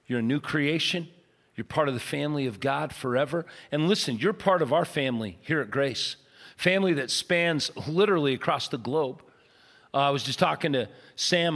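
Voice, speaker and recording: Earnest male pastor in a reverberant church. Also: mid-range voice. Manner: earnest, emphatic preaching, drops soft for prayer. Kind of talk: sermon with altar call. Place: large church auditorium. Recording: long church hall reverb.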